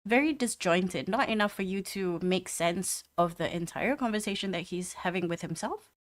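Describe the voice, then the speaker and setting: Low-voiced woman running a tabletop game. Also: normal speed. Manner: hesitant, many fillers. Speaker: game master.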